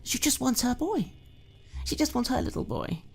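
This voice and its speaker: A woman's voice: sits high, very animated, normal speed, pitched above the performer's own voice. A woman voicing a tipsy, doting, sinister mother who coos, stammers and drops into whispers. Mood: wheedling.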